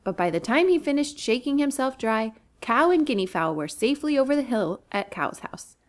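A woman's voice: sits high, normal speed. A children's librarian, a woman, reading a storybook aloud to children with expression. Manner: expressive, animated.

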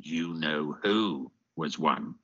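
A man's voice: extremely low pitch, slow. A man narrating an audiobook expressively, switching into character voices. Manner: expressive, storytelling. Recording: dull lo-fi audiobook clip.

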